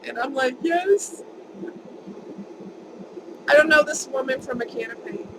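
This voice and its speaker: A woman's voice: high voice, steady tone, quick pace, background noise. A woman vlogger telling a personal story in a chatty, emphatic way, repeating words for stress.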